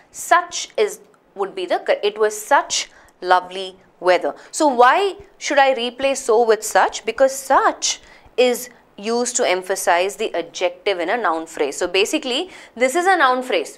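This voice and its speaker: A woman's voice: fairly high pitch, animated, a little slow. Woman teaching a grammar class. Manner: explains patiently, asks checking questions.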